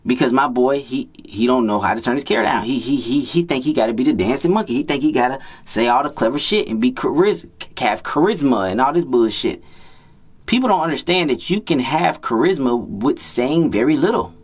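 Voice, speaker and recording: A man's voice: mid-range voice, lively intonation, fairly quick, breathy edge. A man working as a dating coach, telling a story in casual, profane street slang and repeating himself often.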